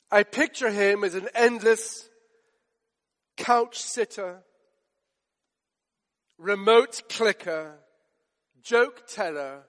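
A man with a notably high voice delivers a sermon in an emphatic, rhetorical way, pausing for effect and acting out quoted lines. His voice rings with a long reverb, as in a large church hall. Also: fairly bright tone. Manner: emphatic, rhetorical, with dramatic pauses and quoted dialogue. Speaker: preacher.

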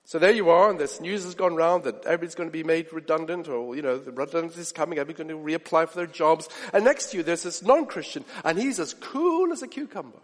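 A man preaching a sermon in an animated way, acting out the voices of people he quotes. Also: fairly high pitch, fast talker, hardly any pauses. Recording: long hall reverb.

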